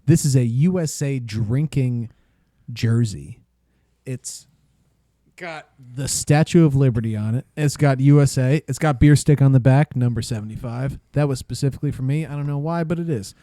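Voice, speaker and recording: A man's voice: mid-range voice, normal speed, warm tone, no room sound, studio quality. A man co-hosting a casual podcast, flustered and rambling through his segments. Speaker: podcast co-host. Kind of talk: casual banter.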